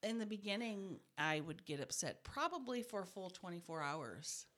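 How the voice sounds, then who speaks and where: Brief: woman comedian cohost, deadpan delivery, pitch that swings around a lot, studio mic. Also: normal speed. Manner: deadpan, dry comic delivery. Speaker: podcast co-host, comedian. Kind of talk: casual chat. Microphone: studio microphone.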